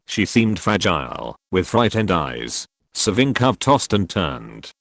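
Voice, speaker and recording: A man narrating a historical audiobook in a measured, expressive storytelling manner, recorded close up in a booth. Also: sits low, creaky, no room sound. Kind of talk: scripted narration.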